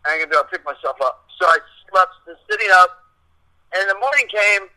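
High, sharp-voiced man telling a story. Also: animated, quick pace, poor audio. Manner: profane, rambling, acts out quotes. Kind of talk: casual storytelling.

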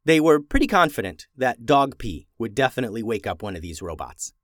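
A man reading a children's adventure story aloud, expressive and slowing down for suspense. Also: mid-range voice, dry recording, clean studio sound.

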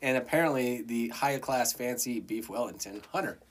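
A young man with a Colorado accent hosting a podcast, cracking crude jokes and bursting out loudly in casual banter. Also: medium pitch, moderate pace, breathy edge. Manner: crude, joking, loud outbursts. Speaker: podcast host.

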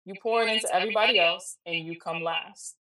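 Woman, 40s, interview guest: low, forceful, candid storyteller recorded in a roomy space. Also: brisk. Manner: candid, animated, quotes people mid-story. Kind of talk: emotional personal storytelling. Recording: echoey room, distant mic.

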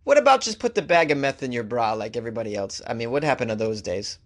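A male talk show host reading out odd news stories and mocking them sarcastically, with big jumps in pitch. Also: animated, fast talker. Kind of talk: comic news commentary.

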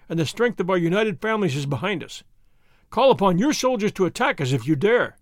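A man's voice: high-pitched, dry recording, studio quality. A man voicing a proud young noble horseman leader in an audiobook reading, speaking in a stern, declaiming way.

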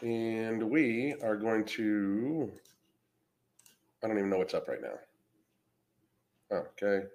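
A man's voice: on the low side, animated, slow pace, pauses often, a little mellow. A man hosting a podcast livestream, reading comments aloud and mocking trolls in a brash, profane, casual way. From Florida. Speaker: podcast host reacting to comments.

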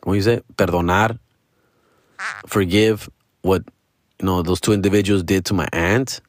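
A man's voice: sits low, fairly even intonation, normal speed, no echo, clean studio sound. A male comedian telling a story casually, profane and slangy, dropping into Spanish phrases.

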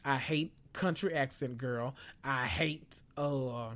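A man from the South, hosting a podcast in casual, opinionated chat with dramatic swings in pitch. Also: slow, fairly bright tone, slight background noise. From Southern United States. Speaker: podcast host.

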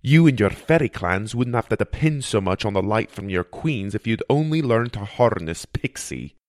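A man voicing a gruff male fairy mentor who talks low and quiet with dry teasing. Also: lively intonation, normal speed, no room sound, close to an everyday voice. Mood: instructive.

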